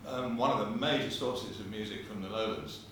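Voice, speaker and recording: A man interviewing a guest at a live event in a hotel hall, phrasing his questions deliberately and carefully. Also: fairly low pitch, fairly bright tone. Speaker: interviewer, society convenor. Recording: very echoey hall from far off, faint hum.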